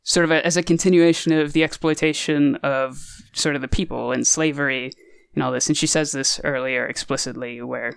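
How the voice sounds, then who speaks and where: A man's voice: a little high, steady tone, a little fast, gravelly, smooth, no echo, clean studio sound. A man casually discussing a movie on a podcast, rambling and hesitant with many fillers. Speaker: podcast co-host.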